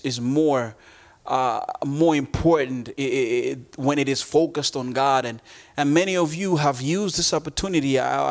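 A man preaching a sermon, earnest, often repeating words and acting out voices he quotes. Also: on the high side.

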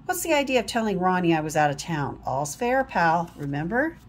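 A woman's voice: lowish voice, big pitch swings, brisk, slight background noise. A woman voicing a brash, smug teenage boy in a comic read-aloud, cocky and taunting.

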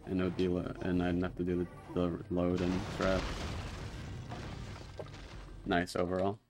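A young man commenting on his own live speedrun, mostly muttering quiet asides and sometimes swearing loudly. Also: low voice, monotone, measured pace, noisy background. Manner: quiet, mumbled asides with sudden loud frustrated swearing. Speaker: speedrunner streaming his run.

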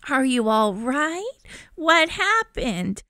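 A woman voicing a kind, concerned woman neighbor in a game, speaking gently, soothingly and insistently. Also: high-pitched, very animated, slow pace, no room sound, clean studio sound, heavily acted. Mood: gentle concern. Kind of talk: voiced game dialogue.

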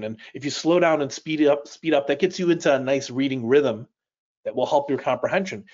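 A man leads a live speed reading lesson, speeding up and slowing down as he explains. His voice sits at a middle pitch, and the audio is slightly dull. He often checks in with listeners by asking "right?". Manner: lively, varies pace and loudness, frequent "right?". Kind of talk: live online teaching session.

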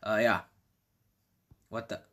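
A man giving casual, excitable reaction commentary as a video creator, repeating his exclamations and laughing often. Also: slow. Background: faint background music.

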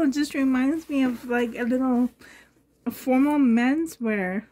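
A woman unboxing gifts in a vlog, gushing with breathy exclamations and sounding shaky and emotional. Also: sits high, measured pace, warm tone. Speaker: reborn doll collector vlogger.

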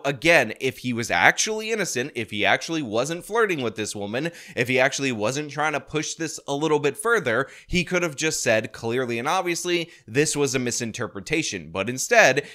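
A man's voice: mid-range voice, a bit bright. A man hosting a political opinion commentary, ranting in an indignant, sarcastic way.

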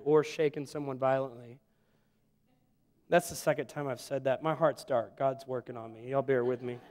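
A man delivers a sermon, mixing scripture with folksy, joking asides. His voice sits fairly high for a man. The sound rings out with the long reverb of a church sanctuary. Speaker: pastor.

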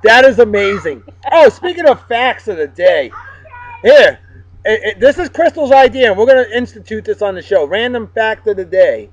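A man hosts a casual vlog, upbeat and joking as he gives shout-outs to friends. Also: high-pitched, sing-song, normal speed. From Massachusetts. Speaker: vlog host. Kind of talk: casual chat. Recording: dull, dry sound.

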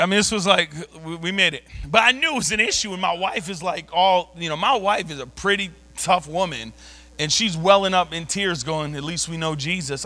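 A male preacher with a high, piercing, bright voice tells a story from the pulpit in a church. He swings from low murmurs to loud shouts and laughs through much of it. The delivery is fast and animated. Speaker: pastor. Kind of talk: sermon with personal story.

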